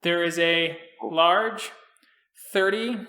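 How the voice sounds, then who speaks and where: Calm game master in an echoey room. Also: male voice, high voice, drawn-out words. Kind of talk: narrating a tabletop game.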